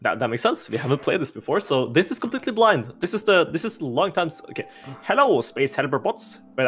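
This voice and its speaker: A man's voice: fairly high pitch, fast talker, faint music behind. A man streaming a video game with a friend, chatting casually, laughing often and restarting his sentences. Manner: laughing, excitable, frequent restarts. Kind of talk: casual gaming chat.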